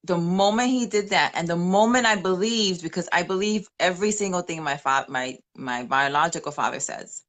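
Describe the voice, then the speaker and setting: A woman in her forties speaks in a lowish voice, co-hosting a live stream in an easy testimonial chat. She tells her story earnestly and drops in the odd Spanish phrase. Her pace and tone stay conversational throughout. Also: normal speed, hardly any pauses, a bit bright. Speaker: co-host of a manifesting live stream.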